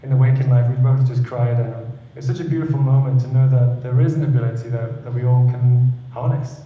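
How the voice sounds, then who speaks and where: A man's voice: medium pitch, fairly even intonation, brisk, heavy reverb, distant mic, phone-quality sound. A man, a panel guest, telling a personal story earnestly and repeating words as he goes.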